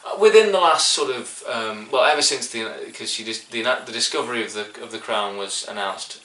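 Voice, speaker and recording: A man's voice: medium pitch, brisk, pushed and bright, a little hiss or hum. Hesitant man running a game. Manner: hesitant, full of "sort of" and restarts. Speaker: game master. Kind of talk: narrating a tabletop game. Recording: echoey room, mic at a distance.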